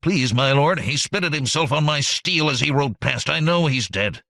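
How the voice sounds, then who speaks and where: A man's voice: a little high, animated, normal speed, gravelly, bright, forceful tone, no room sound, pitched above the performer's own voice, full character voice. Man playing a pleading young trooper.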